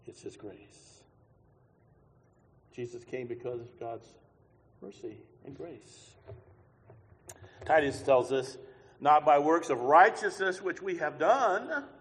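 Man preaching loud and soft in a hall. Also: medium pitch, a little hiss or hum. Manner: swings from quiet musing to loud shouted preaching; sings a hymn line mid-sermon. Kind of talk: sermon. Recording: long hall reverb.

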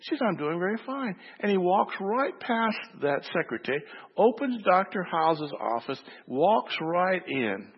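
A man's voice: high voice, big pitch swings, measured pace, breathy edge, long reverb tail, muffled recording. A man preaching a sermon, telling a story and acting out its voices before making his point. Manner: storytelling, acts out voices in the anecdote. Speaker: pastor.

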